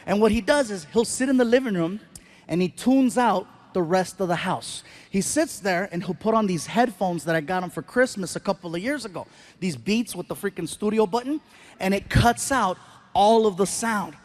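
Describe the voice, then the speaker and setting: Middle-aged stand-up comic with a very high voice, animated storyteller who acts out the voices. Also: male voice, moderate pace. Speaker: stand-up comedian. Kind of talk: stand-up comedy routine.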